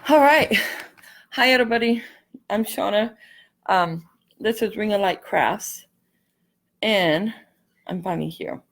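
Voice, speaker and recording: Gravelly-voiced woman hosting a craft stream. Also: mid-range voice, a little slow, long pauses, fairly bright tone. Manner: chatty, rambling, apologetic asides. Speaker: craft channel host. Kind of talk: casual live craft tutorial.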